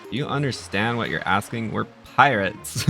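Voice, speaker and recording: A man's voice: fairly low pitch, animated, moderate pace, creaky, bright, forceful tone, soft background music, full character voice. A man voicing a bossy, tough teenage girl pirate captain in a video game, talking in a brash, scornful way.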